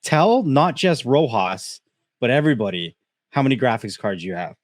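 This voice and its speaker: A man's voice: mid-range voice, very animated, normal speed, no echo. A man hosting a podcast with hyped, slangy talk. His voice sits mid-range and sounds dry and close. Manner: hype, slangy. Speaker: podcast host. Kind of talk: casual chat.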